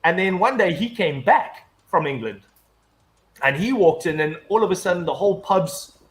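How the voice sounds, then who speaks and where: A man's voice: sits high, expressive, moderate pace. A man in casual chat, telling a long anecdote full of swearing and restarts. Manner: rambling storyteller, heavy swearing, frequent restarts. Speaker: guest.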